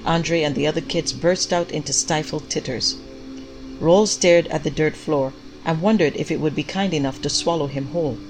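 A woman reading a story aloud in a measured, unhurried way. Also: low voice, low-quality recording. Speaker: narrator. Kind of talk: audiobook story narration. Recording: faint background music.

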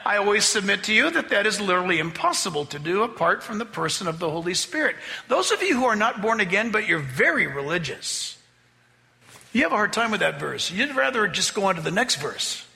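High, bright-voiced preaching man in a hall. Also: very animated, fairly quick, creaky. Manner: emphatic preaching, spells out key words, acts out quoted voices. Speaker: pastor. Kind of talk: sermon.

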